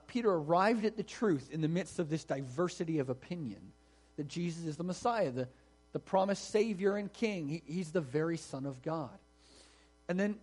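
A man's voice: fairly high pitch, darkish tone, breathy edge. A man preaching a sermon in an explanatory, conversational way, stressing key words. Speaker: pastor.

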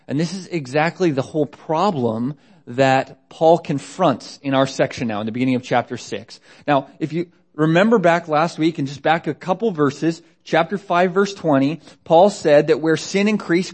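A man's voice: on the high side, moderate pace, a little mellow. A man preaching a sermon in a conversational way, asking rhetorical questions. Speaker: pastor.

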